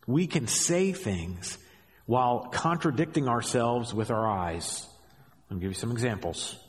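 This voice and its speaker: A middle-aged man preaching a sermon as a pastor, animated, with joking asides, swinging between hushed and raised delivery. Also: mid-range voice, measured pace. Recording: long hall reverb.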